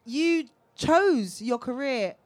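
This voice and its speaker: A woman hosting a live podcast panel, asking questions with warm enthusiasm and encouragement. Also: sits high, expressive, slow. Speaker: podcast host. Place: live event venue.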